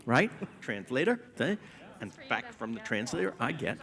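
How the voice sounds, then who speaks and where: A man's voice: mid-range voice, big pitch swings, moderate pace, creaky, a bit bright. A man telling funny anecdotes on stage at a live talk, laughing often and poking fun at himself. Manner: laughs often while telling stories, playful self-mockery. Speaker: guest at a live talk event. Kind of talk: animated anecdotal storytelling. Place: stage event in front of an audience.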